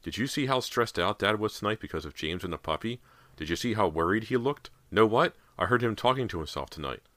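A stubborn, jittery teenage girl from a spooky storybook, her voice rising shrill and tense under a bright, forceful edge, as a man reads her. It sits dry and close, with no room around it. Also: animated, a little fast, dry recording. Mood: angry.

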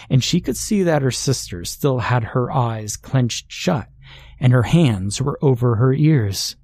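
A man narrating a horror story in a slow, measured, dramatic storytelling style. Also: medium pitch, warm tone, no room sound.

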